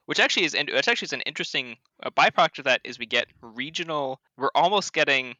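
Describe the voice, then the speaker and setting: A man's voice: medium pitch, lively intonation, fast talker, pushed and bright, dry recording. A Canadian man with a Canadian accent, a league organizer chatting casually on a podcast and explaining things at length.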